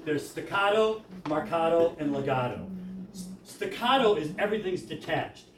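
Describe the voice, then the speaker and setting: A man's voice: on the high side, expressive, background noise. A man leading a choir rehearsal, explaining how to sing a passage and singing lines to demonstrate. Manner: explains briskly, then sings lines to demonstrate. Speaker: choir director. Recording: echoey room from far off.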